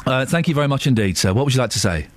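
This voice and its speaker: Lively, teasing radio host. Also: male voice, mid-range voice, racing, a little hiss or hum. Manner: teasing, playful, lots of restarts. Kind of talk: casual radio phone-in chat. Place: radio studio.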